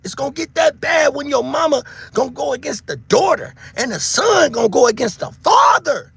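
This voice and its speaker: A man, preaching to his online viewers in a loose monologue, swearing freely and shouting for emphasis. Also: very high-pitched, very animated, moderate pace, vocal fry. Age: 50s. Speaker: online show host.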